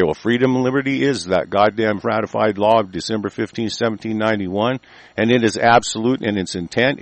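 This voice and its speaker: A man's voice: medium pitch, dry recording. Furious swearing man with a dry close voice. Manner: furious, swearing heavily, stumbles when reading aloud. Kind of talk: angry profane rant.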